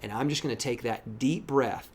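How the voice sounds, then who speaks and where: Lively man giving a devotional. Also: mid-range voice, moderate pace. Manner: lively, emphatic preaching with scripture reading. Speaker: pastor. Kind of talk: devotional teaching.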